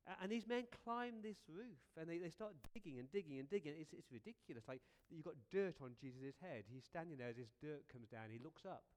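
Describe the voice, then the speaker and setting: Male preacher, slightly high voice, animated storyteller, chatty, rhetorical questions. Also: brisk, hardly any pauses. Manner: lively, conversational, repeats words, rhetorical questions. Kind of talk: storytelling sermon.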